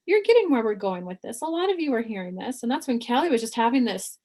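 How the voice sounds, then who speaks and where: Animated woman giving a spiritual reading. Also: a little high, fast talker, few pauses. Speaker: psychic medium giving readings.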